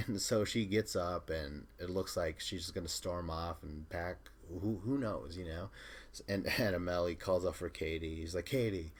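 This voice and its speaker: A man's voice: sits low, normal speed. A man hosting a podcast, chatting casually through a recap, often laughing and retelling scenes with quoted lines. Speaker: podcast host.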